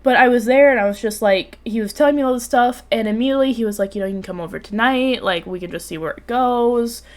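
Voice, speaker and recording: A young woman in her twenties hosting a podcast, telling a story in casual chat, animated, swearing freely and laughing often. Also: fairly high pitch, quick pace. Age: 20s. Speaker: podcast host. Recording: remote call, co-host audio cutting out.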